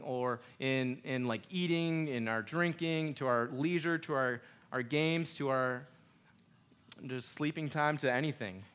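Young male pastor, relaxed preaching, mid pitch, jokes with congregation. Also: clear, resonant tone. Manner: conversational preaching with humor and asides. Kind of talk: sermon.

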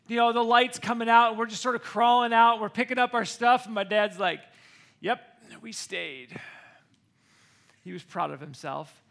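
A man with a very high, bright voice tells a personal story to a crowd. He keeps turning to his listeners with quick checks like "okay?" and "right?". His tone is lively, with a ringing edge. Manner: addresses listeners directly with frequent "okay?" and "right?". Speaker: speaker telling a personal story to an audience.

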